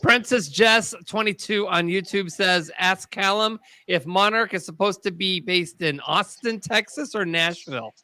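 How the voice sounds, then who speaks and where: A man's voice: high voice, unhurried, few pauses, sharp tone, no room sound. A man hosting a talk show, asking guests questions in casual, upbeat chat.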